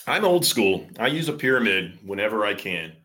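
A man from Florida who runs surf fishing charters answers questions in a relaxed way. His voice sits a little low. He explains things patiently and often stops on fillers. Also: normal speed. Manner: easygoing, explains with many fillers. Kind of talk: casual interview answers.

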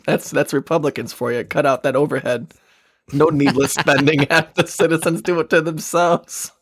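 A man's voice: fairly high pitch, fairly even intonation, normal speed, slightly rough, no echo, clean studio sound. A man co-hosting a casual political talk show, sarcastic and joking, laughing often. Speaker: podcast co-host.

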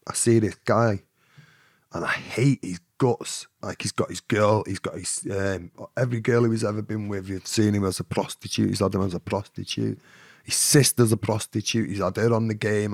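A man's voice: on the low side, creaky, darkish tone, dry recording, clean studio sound. A man with a Mancunian accent, a podcast guest telling a rambling story full of fillers and "you know what I mean". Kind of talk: storytelling in an interview.

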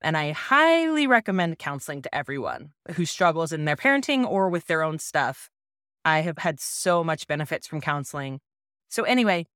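A woman in her thirties hosting a parenting podcast, telling a personal story in a gentle, earnest, reassuring way. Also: lowish voice, smooth, no room sound, studio quality. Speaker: podcast host.

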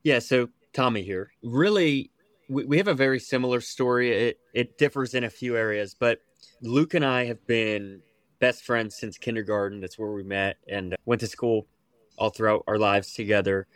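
A man's voice: medium pitch, moderate pace, dry recording. A young American man, a podcast guest, telling his story casually with fillers and restarts. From United States. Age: young adult. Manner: relaxed, with frequent fillers and restarts.

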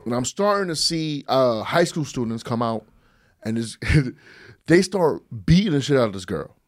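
Lively, teasing man in slangy banter. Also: mid-range voice, normal speed. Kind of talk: casual chat.

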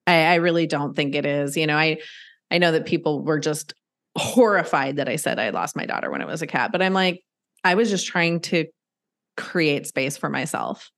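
A woman's voice: low-pitched, moderate pace, a bit bright. A middle-aged woman telling a personal story in candid conversation, earnest and emphatic, acting out what people said. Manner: earnest, emphatic, acts out quotes. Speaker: guest sharing pet loss story.

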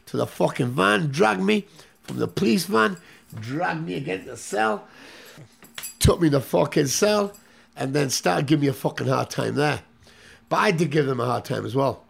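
A man's voice: on the high side, creaky, breathy edge. A man telling a story in casual, profane chat, tagging his sentences with "yeah?". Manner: swears constantly, tags lines with "yeah?".

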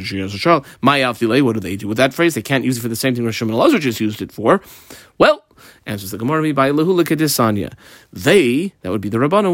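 Man, Talmud lesson, animated sing-song pitch, dry close sound. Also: no room sound. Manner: explains line by line, mixing Hebrew and Aramaic terms; lively, sing-song study cadence. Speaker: Talmud teacher.

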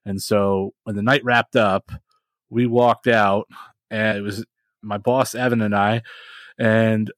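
A man co-hosting a podcast, telling stories in a casual, animated way and laughing often. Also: lowish voice, slow pace, dry recording. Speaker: podcast co-host. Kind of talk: casual chat.

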